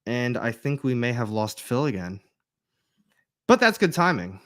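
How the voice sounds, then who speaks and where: A man co-hosting a comic book livestream, talking in a relaxed, chatty way with trailing fillers. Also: medium pitch, a little slow. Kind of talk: casual chat.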